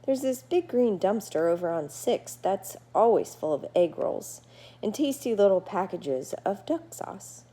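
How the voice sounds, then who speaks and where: A woman voicing a chatty, cheerful, scatterbrained male bat in a read-aloud storybook, with bubbly, high, rapid chatter. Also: animated, mellow. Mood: cheery.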